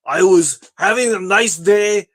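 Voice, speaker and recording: Guy doing a whiny high creaky alpha male drifter, pompous and paranoid, comedy sketch voice. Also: measured pace, a bit bright, poor audio. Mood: indignant. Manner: pompous, self-pitying ranting. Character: boastful, paranoid self-proclaimed alpha male vagrant.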